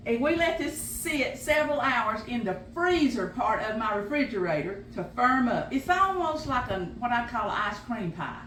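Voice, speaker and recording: A woman's voice: high-pitched, a bit bright, slight background noise. Folksy older Southern woman, echoey kitchen. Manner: folksy, chatty, homespun. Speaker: home cooking show host. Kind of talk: casual cooking demonstration. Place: home kitchen.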